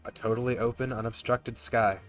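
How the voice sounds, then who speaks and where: A drained, bewildered young student narrating his own thoughts , as read aloud by a man. The delivery is quiet and subdued, a mid-pitched voice with soft music somewhere behind it. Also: flat delivery, brisk, lightly acted. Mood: weary. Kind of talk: reading game narration aloud.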